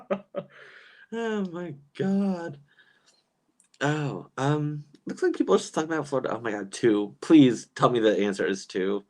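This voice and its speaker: Reading chat comments on his casual livestream, a man in his thirties speaks at a medium pitch. He comes across animated and talkative, laughing often and using plenty of fillers.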